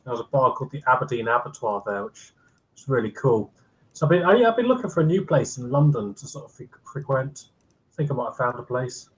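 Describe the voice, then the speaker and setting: A man's voice: mid-range voice, sing-song, quick pace, close to an everyday voice, low-quality recording. A man voicing an introverted young male elf hacker in his own plain voice, rambling a little with fillers. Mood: laid-back. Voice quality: plain own voice, no accent put on.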